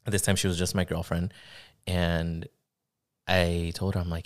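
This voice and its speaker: A young man telling a personal story in casual podcast conversation, halting, with many fillers and restarts. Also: deep voice, flat delivery. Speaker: podcast guest.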